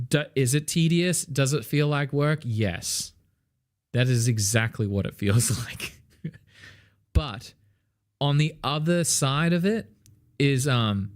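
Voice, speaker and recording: A man teaching music in a casual livestream, animated and loose, peppering his talk with "like" and the odd swear word. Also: mid-range voice. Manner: sings song snippets to demonstrate. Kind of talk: casual livestream song feedback.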